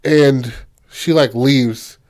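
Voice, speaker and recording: A man's voice: medium pitch, very slow, a little mellow. A man hosting a podcast, retelling a film in loose, slangy casual chat full of fillers. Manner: loose and slangy, heavy on fillers like "you know".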